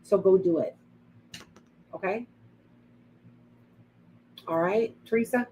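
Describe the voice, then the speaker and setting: A woman's voice: medium pitch, slow, pauses often, dark tone, low-quality recording. A middle-aged woman giving rambling psychic readings on a live stream. She greets viewers by name as she goes. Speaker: psychic medium.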